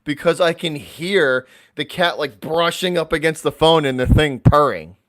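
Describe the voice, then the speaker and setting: A man chatting casually on a trivia stream, voice sitting a little high for a man. He talks in halting bursts and restarts his sentences while he tries to remember things. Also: fairly bright tone. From Boston area. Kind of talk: casual chat.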